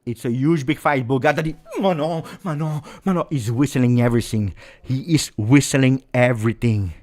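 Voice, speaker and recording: A man hosting a live football watch-along, reacting to the match as it unfolds, swinging from low muttering to loud shouting. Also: moderate pace.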